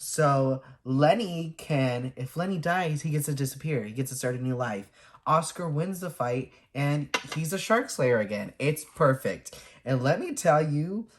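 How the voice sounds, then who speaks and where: A young woman recaps a movie in a loose, chatty vlog, laughing between sentences. Her voice sits low. She drops into playful impressions of the characters as she goes. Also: animated, measured pace. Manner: chatty, laughing, acts out quotes. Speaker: movie reviewer and vlogger. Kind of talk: casual chat.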